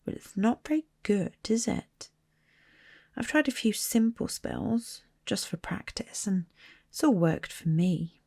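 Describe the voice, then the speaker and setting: A woman's voice: mid-range voice, very animated, creaky, a little mellow, husky, in a whisper, heavily acted. A woman voicing a bossy, know-it-all schoolgirl in a read-aloud storybook. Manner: bossy, brisk.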